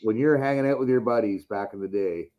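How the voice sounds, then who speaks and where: Man, podcast host, rambling, heavy swearing, low voice, muffled lo-fi sound. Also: fairly quick. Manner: rambling and heavily profane. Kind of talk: casual chat.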